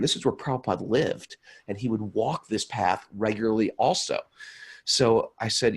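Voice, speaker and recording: A man's voice: fairly low pitch, moderate pace, husky. A man co-hosting a casual spiritual talk show, telling long rambling stories and often repeating himself. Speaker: podcast co-host. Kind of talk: casual chat.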